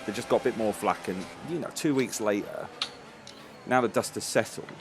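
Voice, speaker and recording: Low-voiced man hosting a casual chat. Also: normal speed, over music. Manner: relaxed, laughing, calls out in-game action between points. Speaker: podcast host. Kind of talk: casual chat with live game commentary.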